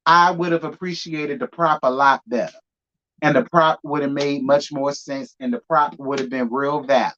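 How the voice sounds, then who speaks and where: A man's voice: fairly high pitch, a bit bright. A man, giving sassy, emphatic commentary on reality TV. He drives his points home by repeating them. The audio is muffled and lo-fi. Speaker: reality TV recap host. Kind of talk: live review commentary.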